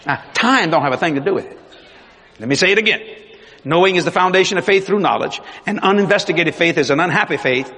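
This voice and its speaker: A man preaching a sermon as pastor, animated, swinging between loud and hushed. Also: high-pitched, fast talker. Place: large church hall. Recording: long reverb of a large hall.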